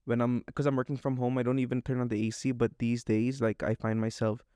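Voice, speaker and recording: A man's voice: mid-range voice, flat delivery, a little fast, dark tone, no echo, studio quality. A young man, co-hosting a podcast in easygoing, joking chat. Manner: joking, easygoing, addresses listeners as guys. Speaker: podcast co-host. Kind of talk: casual chat.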